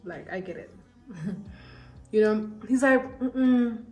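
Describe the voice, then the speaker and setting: A young woman tells a storytime while doing her makeup, chatty and animated, peppering her talk with fillers. Her voice sits at a middle pitch and carries the echo of a bare room, with soft music playing underneath. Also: slow. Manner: animated, chatty, lots of 'like'. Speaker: beauty vlogger. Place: room lit by softbox lights. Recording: echoey room, faint music.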